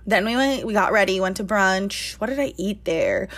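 A woman's voice: medium pitch, moderate pace. Chatty young woman telling a story. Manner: animated, laughs often, says "like" a lot. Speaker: podcast co-host. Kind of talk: casual storytelling chat.

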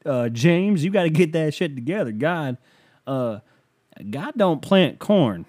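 A man's voice: on the high side, lively intonation, measured pace, a little mellow, voice pushed up. A man doing an impression of a middle-aged male money-advice host, blunt and folksy.

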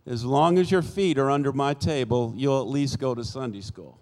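A man in his sixties voicing his stern but fair father, speaking gruffly as he lays down the house rules. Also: mid-range voice, normal speed, a little mellow, voice pushed down, lightly acted. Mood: firm. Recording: long church-hall reverb.

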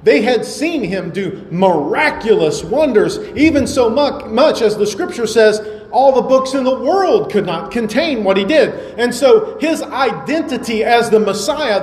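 A man's voice: high-pitched, expressive, unhurried, hardly any pauses, a little mellow. Man preaching in an echoey church. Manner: emphatic preaching with repeated rhetorical questions. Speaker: pastor. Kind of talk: sermon. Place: church sanctuary. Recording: echoey hall with faint ambience.

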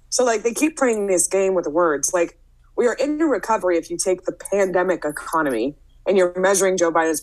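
Leaning toward a lower pitch, this female host keeps a relaxed podcast chat moving at a quick clip, voicing firm views and frequently saying "um." Audio quality is poor.

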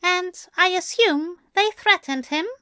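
A woman reading a story, voicing a gentle, affectionate male angel who coaxes softly. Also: very high voice, a little slow, no echo, clean studio sound, pitched above the performer's own voice, full character voice. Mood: coaxing. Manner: soft, crooning, coaxing.

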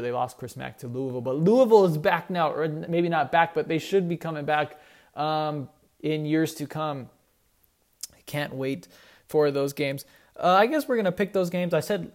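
Rambling young man talking college sports. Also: a little high. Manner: rambling, self-correcting, enthusiastic. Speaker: sports podcast host. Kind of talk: casual sports commentary.

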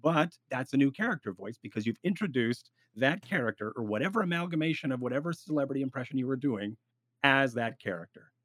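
A man in casual podcast chat giving roleplay advice, rambling and animated, with frequent restarts. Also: mid-range voice, quick pace, no room sound, studio quality.

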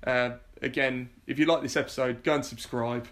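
A man's voice: medium pitch, fairly even intonation, moderate pace, fairly bright tone. A man hosting a podcast, thanking guests and listeners in a casual, rambling way with many fillers. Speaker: podcast host. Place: home sofa, in person with guest.

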